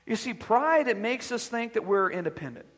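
A pastor with a high, husky voice delivers a sermon at a moderate pace, expressive as he drops into quiet asides and then rises to loud declarations. The long reverb of a church hall rings around his voice.

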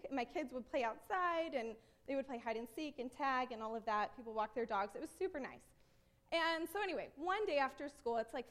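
High-voiced woman telling a lively sermon story. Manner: animated, self-mocking, acts out voices. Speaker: preacher.

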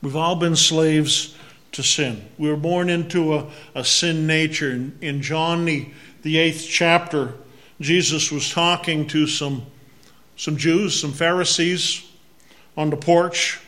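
Slow-speaking Massachusetts pastor. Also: male voice, on the high side, steady tone, a bit bright. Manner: slow, conversational preaching with repeated scripture refrains. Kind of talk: sermon.

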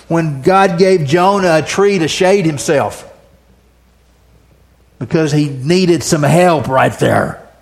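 Fervent preacher man, higher voice. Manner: repetitive preaching cadence, rising in fervor. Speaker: pastor. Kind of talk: sermon.

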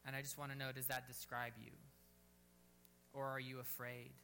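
A man preaching a sermon at a church service, fervent and urging, dropping to a quiet, gentle tone to lead prayer. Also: medium pitch, completely flat delivery, moderate pace, a little hiss or hum. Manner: fervent, rising to near-shouts on bold exhortations, then quiet and gentle in prayer. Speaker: pastor.

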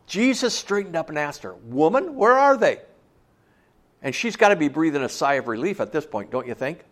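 Male pastor, sermon, conversational, asks questions, slightly high voice. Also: lively intonation, fast.

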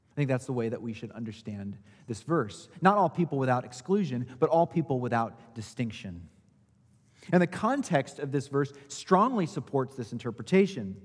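Husky male preacher in a reverberant hall. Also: mid-range voice, very animated, moderate pace. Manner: rhetorical questions, rising and falling emphasis. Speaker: pastor. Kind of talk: sermon.

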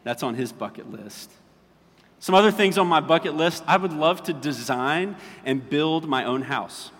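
A man's voice: a little high, expressive, normal speed, fairly bright tone. A man preaching a casual sermon as pastor, chatty and checking in with his listeners often. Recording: long reverb of a large hall.

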